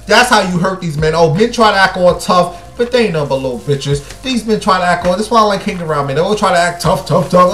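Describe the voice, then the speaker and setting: Man, sassy gossip host, fairly high voice, echoey room, faint music behind. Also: lively intonation, fairly quick. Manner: sassy, blunt and chatty, with swings between loud and hushed. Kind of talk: casual gossip commentary.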